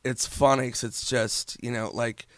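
A man's voice: medium pitch, steady tone, normal speed, no echo. A man guesting in a casual interview, telling stories in a loose, profane way with lots of fillers. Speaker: guest comedian and actor.

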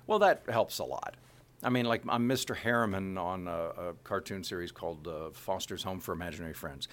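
A middle-aged male voice actor chatting in an interview, animated and full of fillers. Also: sits low, brisk, a little hiss or hum. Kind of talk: casual interview chat.

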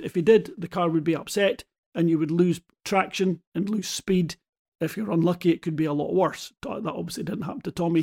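A man's voice: sits high, warm tone. A man talking as a rally pundit in casual analytical chat, often restarting and repeating words as he searches for them.

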